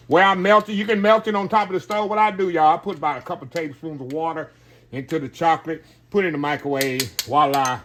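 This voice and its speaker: A man's voice: a little high, fairly bright tone, a little hiss or hum. A man hosting a casual cooking demonstration in his kitchen, talking folksy and keeping the viewers close. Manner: folksy, keeps addressing viewers as y'all. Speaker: cooking show host.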